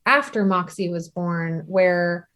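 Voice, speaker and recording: A woman in her thirties, a guest telling a personal story in a halting, tender way with many restarts. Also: lowish voice, fairly bright tone. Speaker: guest, bereaved mother.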